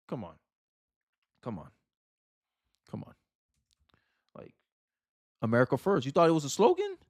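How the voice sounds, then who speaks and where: A man's voice: mid-range voice, wildly swooping pitch, unhurried, long pauses, a little mellow. A man hosting a livestream, giving emphatic, opinionated political commentary and repeating phrases for effect. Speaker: livestream host.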